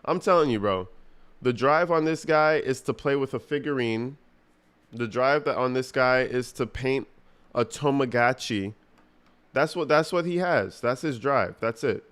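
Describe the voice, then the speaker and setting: A man's voice: medium pitch, measured pace, a bit bright, smooth. A man streaming and reacting to a clip, talking in a crude, mocking, rambling way with lots of slang. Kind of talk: casual livestream commentary.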